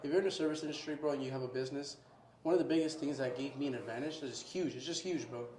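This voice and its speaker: Rapid-fire and a little mellow, this young owner speaks in a mid-range voice in his reverberant restaurant. In a casual interview he says "bro" constantly and plays out small scenes with customers.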